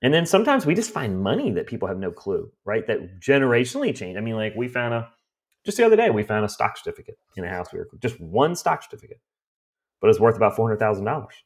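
A quick pace and a fairly low pitch mark this man's voice. He owns an estate cleanout business and is telling stories in a conversation, bringing them to life by acting out the voices of those involved.

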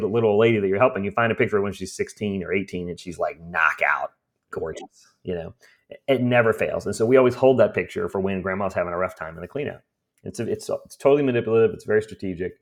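A man who runs home cleanouts, telling stories in a conversation and acting out the people in them. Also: deep voice. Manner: animated storyteller, acts out voices. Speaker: estate cleanout business owner. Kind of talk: storytelling in a conversation.

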